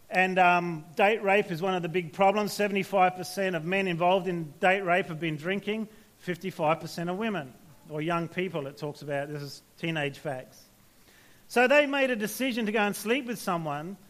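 A man's voice: high-pitched, fairly bright tone. A man preaching a casual, conversational sermon to young people, telling stories and checking in with the listeners. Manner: conversational, anecdotal, frequent restarts and tag questions.

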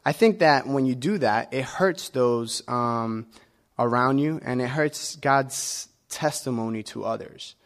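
A man delivering a conversational sermon as a preacher, relaxed and personal, pausing often with fillers and restarting his sentences. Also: medium pitch. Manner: relaxed and personal, with many filler pauses and self-corrections.

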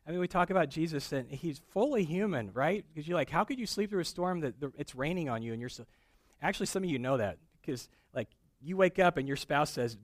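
A man's voice: a little high, no room sound, studio quality. A middle-aged man preaching a conversational sermon and acting out the voices of people in the story. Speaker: pastor.

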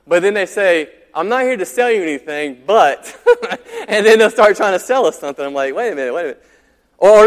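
A man preaching a sermon as pastor, in a conversational, animated way with frequent restarts. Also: a little high, clean tone. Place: church sanctuary. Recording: long hall reverb.

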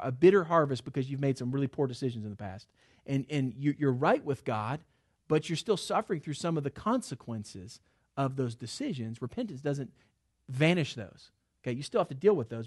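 A middle-aged man preaching a sermon in a conversational way, with quick asides and restarts. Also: mid-range voice, a little mellow. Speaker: pastor.

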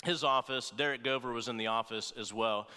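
A man's voice: medium pitch, steady tone, brisk, bright, forceful tone, clear, resonant tone. A man preaching a sermon as pastor, talking conversationally and often checking in with "right?" and playful asides. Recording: long reverb of a large hall.

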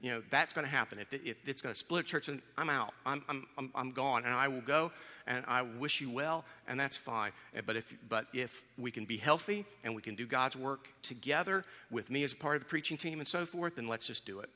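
A man's voice: mid-range voice, a little fast, sharp tone, long reverb tail. A man in his fifties, a pastor, giving a candid, conversational sermon in a church. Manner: candid, conversational, self-deprecating. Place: church sanctuary.

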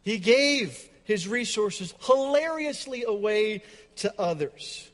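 A man's voice: high-pitched, expressive, slow pace, big-room sound. A man preaching a sermon as pastor, dramatic and emphatic with repetition, in a church.

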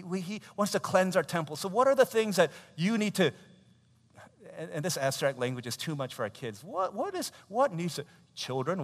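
A man in his thirties preaching a sermon, telling a family story in an animated way, with laughter and acted quotes. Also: a little high, breathy edge. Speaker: pastor. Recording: long hall reverb.

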